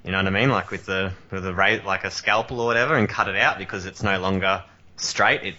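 Low, bright-voiced man rambling. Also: quick pace, dull audio. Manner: rambling, many fillers and restarts. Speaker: collector in group chat. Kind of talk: casual chat.

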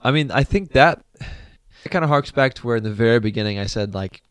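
A man's voice: medium pitch, animated, fairly quick, smooth, dry recording. A man co-hosting a casual film review podcast, talking in a thoughtful, hedging way and restarting his words. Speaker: podcast co-host.

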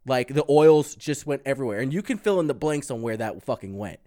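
A man in casual chat, telling a drawn-out story and swearing freely. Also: medium pitch, animated, warm tone, no echo, clean studio sound.

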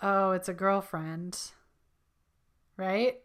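A woman co-hosting a podcast in casual chat, playful and quick to laugh. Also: medium pitch, steady tone. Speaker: podcast co-host.

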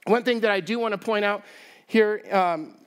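Male pastor, high voice, animated sermon, self-deprecating humor. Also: normal speed, clear, resonant tone. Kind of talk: sermon with storytelling. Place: church sanctuary.

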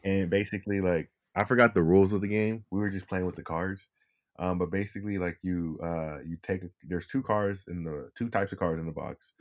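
A man's voice: deep voice, brisk. A young man co-hosting a casual podcast, rambling easily with lots of restarts. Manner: rambling, restarts often, laid-back. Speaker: podcast co-host. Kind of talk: casual chat.

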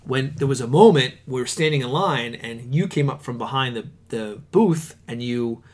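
A man's voice: mid-range voice, normal speed. A man, co-hosting a laid-back podcast. He tells stories animatedly, slipping into the voices of the people he quotes, in an easy conversational tone. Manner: animated storyteller, acts out quoted dialogue. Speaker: podcast co-host. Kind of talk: casual chat.

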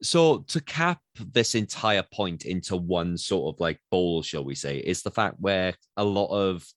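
Deep-voiced man in casual chat. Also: lively intonation, a little slow, no room sound, studio quality. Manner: agreeable, backs up the other speaker. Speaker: podcast co-host.

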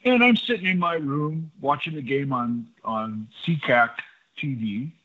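An older man and former pitcher, a guest in an interview, telling anecdotes in a lively way and acting out the dialogue. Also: measured pace. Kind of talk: storytelling in a casual interview. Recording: dull lo-fi audio.

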